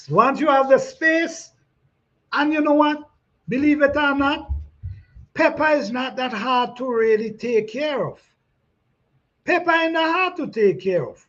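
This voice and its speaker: A man hosting a gardening chat, reading out comments in a relaxed way, repeating himself and laughing often. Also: very high voice, a little slow, long pauses. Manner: laid-back, repeats phrases, laughs often. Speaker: gardening channel host. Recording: dull lo-fi sound.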